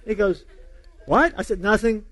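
A man's voice: sits high, lively intonation, fast talker, some chatter behind. A middle-aged man, a pastor, giving a sermon and telling a funny personal story, acting out the dialogue and laughing along.

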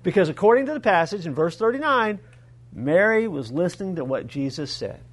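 A male pastor preaching a sermon, retelling a story in an animated way with humorous asides to the congregation. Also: sits high, brisk.

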